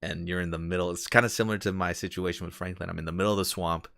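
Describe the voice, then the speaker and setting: Deep-voiced laid-back podcast guy. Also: steady tone, racing, creaky, fairly bright tone, no room sound, studio quality. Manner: laid-back, slangy, says "dude" a lot. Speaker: podcast host. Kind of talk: casual chat.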